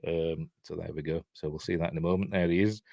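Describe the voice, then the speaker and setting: A man's voice: low-pitched, fairly even intonation, fast talker, vocal fry, mellow, no echo, lo-fi sound. A man with a Yorkshire accent giving a casual, rambling film commentary full of trivia asides. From Yorkshire, England. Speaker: film reviewer.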